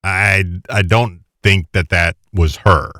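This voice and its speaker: A man's voice: sits low, steady tone, slow, sharp tone, no room sound. A man co-hosting a show, chatting casually and making dry, skeptical remarks. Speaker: co-host. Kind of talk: casual chat.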